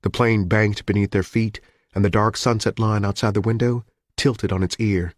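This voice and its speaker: A man narrates a thriller audiobook in a measured, even storytelling style. His voice sits fairly low, and the scripted reading is studio quality with no echo.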